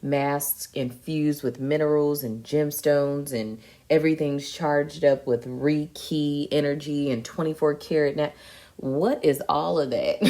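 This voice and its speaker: A woman's voice: sits low, unhurried, darkish tone. A young adult woman with a sassy, slangy, chatty manner, recapping a reality TV episode as a vlog host. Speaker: TV recap vlogger. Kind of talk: casual chat recapping a reality show.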